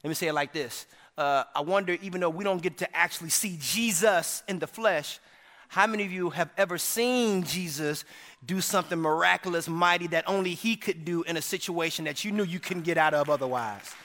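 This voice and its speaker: A male pastor delivering a dynamic sermon, swinging between shouted peaks and hushed lines and often checking in with the congregation. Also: fairly high pitch, brisk, big-room sound, a faint crowd. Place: church sanctuary.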